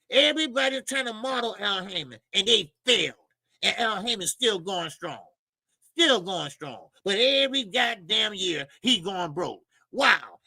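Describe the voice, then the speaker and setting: A man's voice: high-pitched, vocal fry, sharp tone, no room sound, rough recording. A male boxing show host, ranting heatedly and profanely on a livestream.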